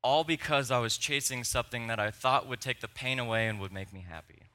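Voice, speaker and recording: Bright-voiced young man preaching. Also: medium pitch, fairly quick. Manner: storytelling, animated and conversational, with laughs. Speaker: pastor. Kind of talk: sermon with personal stories.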